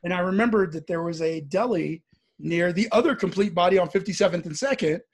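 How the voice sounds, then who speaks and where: Midwest guy telling a story, husky voice, does all the voices. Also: high voice, fairly quick. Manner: animated, acts out the voices in his story. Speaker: guest telling a personal story. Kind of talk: casual spoken storytelling.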